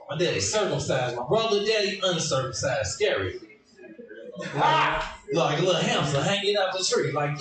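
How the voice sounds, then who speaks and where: Stand-up comedian with a high, shouty, animated delivery, echoey club sound from off mic. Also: male voice, distant mic, noisy background. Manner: animated, shouting, leaps between high put-on voices. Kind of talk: stand-up set.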